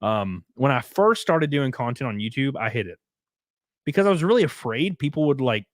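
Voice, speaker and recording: Male streamer, Southern rural drawl, relaxed and profane, mid-pitched, dry close sound. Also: normal speed, no echo. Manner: laid-back, drawling, profane. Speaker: streamer reading super chats. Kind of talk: casual livestream chat.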